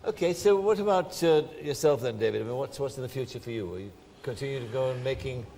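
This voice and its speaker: A man's voice: medium pitch, lively intonation, fast, gravelly, warm tone, big-room sound, slight background noise. A man presenting a live broadcast, politely thanking and handing over with flustered restarts. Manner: polite, slightly flustered wrap-ups. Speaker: radio presenter.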